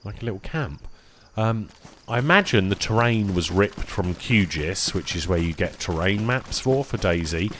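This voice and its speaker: A man chatting casually while streaming a survival game, tired and rambling, easily excited by small finds. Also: low voice, measured pace, hardly any pauses, slight background noise. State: tired, yawning. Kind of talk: casual live-stream commentary.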